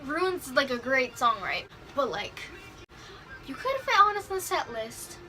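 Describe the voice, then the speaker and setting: Young female fan vlogger with a high voice, gushy, lots of "like", music in the background. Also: sing-song, measured pace, poor audio. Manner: gushing, heavy use of "like", acts out quotes. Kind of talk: excited storytelling vlog. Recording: music playing clearly behind her.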